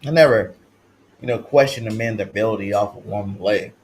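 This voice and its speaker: A man from California hosting a livestream sports talk show, slangy and hyped, swinging between loud shouted chants and low mumbled asides. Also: normal speed, slight background noise, rough recording. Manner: slangy, repeats catchphrases.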